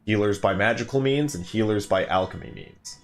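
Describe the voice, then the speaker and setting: A man narrating as game master of a tabletop game, with many pauses and fillers. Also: on the low side, creaky, a little hiss or hum.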